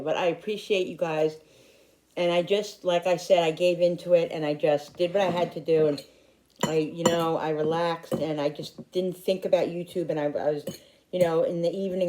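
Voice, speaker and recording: A woman's voice: deep voice, mellow. A middle-aged woman talking to her viewers in a heartfelt, rambling way, often restarting her sentences. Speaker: YouTuber. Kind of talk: personal vlog talk. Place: home in upstate New York.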